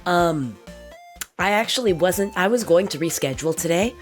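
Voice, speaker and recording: A woman streamer chatting casually with her viewers, her voice low and hoarse from illness. She banters playfully and teases chat back, jumping between topics. Faint music plays in the background. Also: animated, normal speed. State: hoarse, sick voice. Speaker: virtual streamer.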